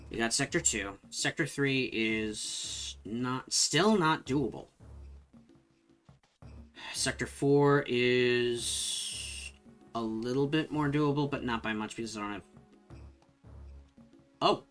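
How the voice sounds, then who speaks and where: A man's voice: mid-range voice, takes it slowly, long pauses, a bit bright. A man giving casual, rambling commentary while playing a game on stream, swearing when surprised. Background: game music.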